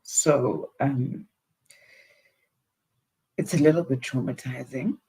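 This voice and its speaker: A teary woman hosts a live stream, her breathy voice close to crying. She talks slowly and haltingly, sighing between phrases. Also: rumbling low, dark tone, low-quality recording. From South Africa. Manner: halting, with many sighs and pauses. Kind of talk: casual live-stream talk.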